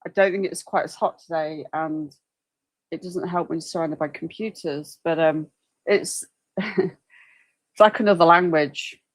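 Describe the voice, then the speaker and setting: A woman's voice: low voice, steady tone, unhurried, low-quality recording. A woman hosting a livestream, chatting casually in a rambling way with apologetic asides. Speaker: livestream host commenting on a trial. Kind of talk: casual chat.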